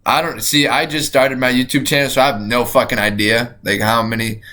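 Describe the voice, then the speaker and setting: A young man streaming, reacting out loud in casual chat, profane and excitable, laughing often. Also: mid-range voice, brisk. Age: young adult.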